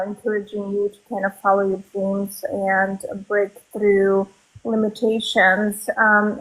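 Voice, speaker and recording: A woman medium reading for a sitter in a live online session, her voice sitting at an ordinary middle pitch. She talks in a soft, reassuring way, pausing often on ums as she searches for words. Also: poor audio. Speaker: psychic medium giving a reading.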